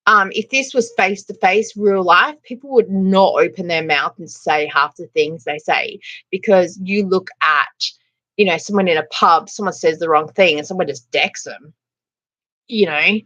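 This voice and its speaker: A woman's voice: medium pitch, moderate pace, pushed and bright, muffled recording. A middle-aged Australian woman hosting a casual livestream, chatting and laughing as she greets viewers by name. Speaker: livestream host. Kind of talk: casual livestream chat reading comments.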